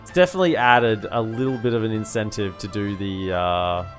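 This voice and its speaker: A man chatting casually through a live strategy game stream, repeating himself and barking orders at his units. His voice sits somewhat low. Game music plays clearly in the background. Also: a little fast. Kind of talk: casual live gameplay commentary.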